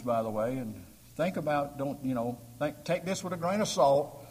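A man's voice: medium pitch, animated, moderate pace, a little mellow, breathy edge. A man preaching a sermon, building to emphatic peaks and putting questions to his congregation. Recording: long hall reverb.

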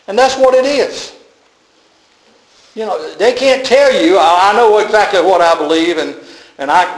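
A man's voice: high-pitched, reverberant, poor audio. A man preaching a sermon emphatically, often repeating words and restarting.

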